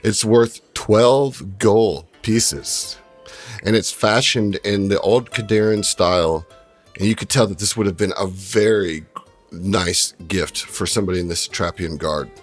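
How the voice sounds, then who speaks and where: A man narrating as game master of a tabletop game, telling the story in a relaxed way with plenty of fillers. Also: on the low side, a little slow, soft background music.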